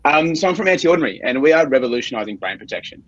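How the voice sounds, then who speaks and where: A man with an Australian accent giving a casual, upbeat startup pitch over a video call. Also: very animated, racing, muffled recording, slight background noise.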